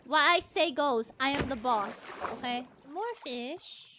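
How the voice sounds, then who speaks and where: A woman streamer giving casual gameplay commentary, excitable and pleading as she coaxes a pet. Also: high-pitched, slow, background noise.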